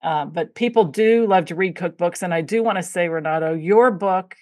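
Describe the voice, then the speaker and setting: A woman with a fairly low, slightly mellow voice hosts a podcast, chatting casually with her guest at a moderate pace. She tells stories loaded with fillers, and the studio-quality recording has no echo.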